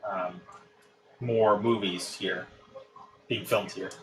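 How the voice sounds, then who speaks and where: A man's voice: fairly low pitch, takes it slowly, poor audio. A man from the United States casually chatting with his live-stream viewers while building a model in his apartment, wandering off mid-thought. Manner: relaxed, rambling, talks to chat while working. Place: hot apartment.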